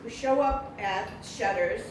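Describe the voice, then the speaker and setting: Speaking with medium pitch at a measured pace, an older woman introduces the author at a book reception, keeping it casual, warm and chatty with frequent laughter. The indoor reception room echoes, the mic is distant, and the recording is noisy.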